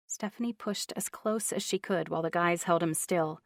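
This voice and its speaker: A woman narrating a novel in an even, measured way. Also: on the low side, vocal fry, no echo, studio quality. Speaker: audiobook narrator. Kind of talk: scripted narration.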